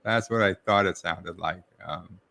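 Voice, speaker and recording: A man's voice: sits low, unhurried, bright, forceful tone, a little hiss or hum. A middle-aged man with a New York accent hosting a live stream, reading viewers' chat messages aloud and answering them casually. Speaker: livestream host reviewing a TV episode.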